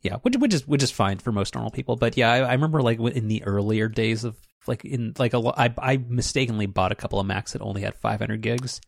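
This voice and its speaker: A man's voice: mid-range voice, quick pace, creaky, few pauses, no room sound, clean studio sound. A man hosting a podcast in casual chat, rambling with many restarts and fillers. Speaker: podcast host.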